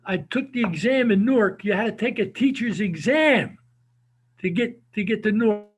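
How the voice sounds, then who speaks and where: A man, telling animated stories as an interview guest and often repeating his words. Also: high-pitched, moderate pace, a little hiss or hum. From New Jersey. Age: 70s. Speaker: guest, former football coach. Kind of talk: casual storytelling interview.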